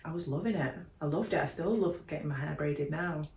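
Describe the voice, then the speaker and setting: Brief: woman podcast co-host, low voice, soft and reflective, echoey room. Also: a little fast. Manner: soft-spoken, reflective, lots of "like" fillers. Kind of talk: casual chat.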